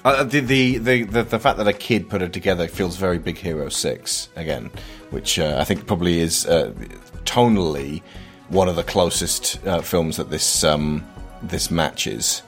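A man co-hosting a casual podcast chat, musing in a halting way. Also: deep voice, soft background music. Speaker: podcast co-host. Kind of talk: casual discussion.

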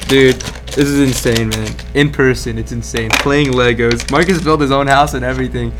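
A man's voice: medium pitch, steady tone, moderate pace, music in the background. A teenage man co-hosting a casual podcast, telling a story with lots of fillers and laughs. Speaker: podcast co-host.

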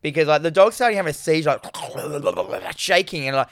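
A man's voice: a little high, expressive, a little fast, a bit bright, no room sound, clean studio sound. A man recapping a film in a rambling, casual chat with a co-host. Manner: laid-back, rambling, swears freely. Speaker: podcast co-host.

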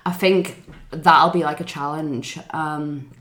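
A woman in her twenties chatting casually with friends, rambling and soft-spoken, often trailing off. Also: sits low, fairly even intonation, slow. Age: 20s. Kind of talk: casual chat. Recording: echoey room.

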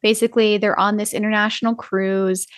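A woman's voice: mid-range voice, little pitch movement, brisk, dry recording, clean studio sound. A woman co-hosting a podcast, talking casually and bluntly, with lots of "like" and the odd swear word. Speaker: podcast co-host. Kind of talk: casual chat.

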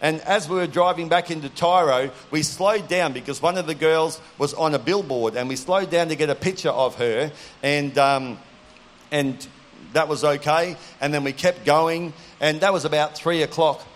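Earnest preacher, slightly high. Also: male voice, normal speed. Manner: earnest, storytelling, direct to the audience. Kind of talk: sermon.

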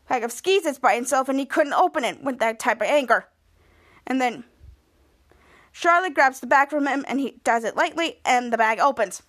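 A woman with a high, light voice hosts a podcast and recaps a TV episode in a loose, rambling way. She chains events together with "and then" and often restarts her sentences. Her delivery is casual and unscripted. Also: moderate pace. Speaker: podcast host.

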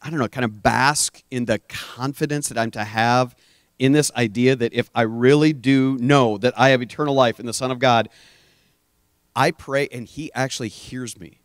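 A middle-aged man preaching a conversational sermon, telling stories earnestly and dropping to a hush for emphasis. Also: mid-range voice, steady tone, moderate pace, no room sound, clean studio sound. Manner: addresses the audience as "guys".

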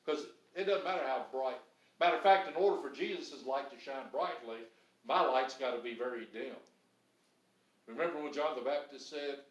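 A man's voice: medium pitch, lively intonation, normal speed, distant mic. A male pastor preaching a sermon, building emphasis through repeated phrases, recorded in a church. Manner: preaching with rising emphatic repetition. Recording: echoey room, voice from off-mic.

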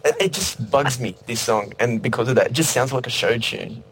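A man in a casual music review chat, talking in a relaxed, measured way with many fillers. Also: medium pitch, a little hiss or hum. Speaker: podcast co-host.

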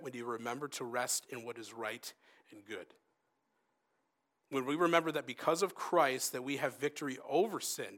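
A young man preaches in an earnest, conversational tone, his voice sitting in an ordinary middle register. He builds up to emphatic lines and drops to a soft hush for quoted asides. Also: medium pitch. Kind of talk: sermon.

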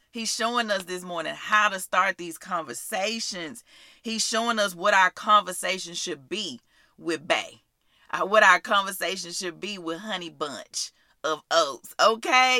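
Lively animated woman preaching. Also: mid-range voice, no room sound, studio quality. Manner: animated, call-and-response preaching with prayer. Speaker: podcast host and preacher. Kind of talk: devotional preaching vlog.

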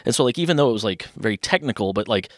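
A man in his thirties from Kentucky talks fast and loosely, rambling through anecdotes. His voice sits a little low, and he pops into livelier voices when quoting others. The sound is dry and close. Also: no room sound. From Louisville, Kentucky. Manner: chatty, rambling, animated voices for quoted people. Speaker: podcast guest, artist. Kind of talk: casual interview storytelling.

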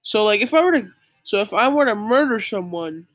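An earnest young speaker lectures the listener in a casual, preachy monologue. The talk is informal and full of "like" fillers, at a middling pitch. The sound is dry and close. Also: lively intonation, fairly quick, fairly bright tone, no room sound. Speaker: young believer giving religious advice.

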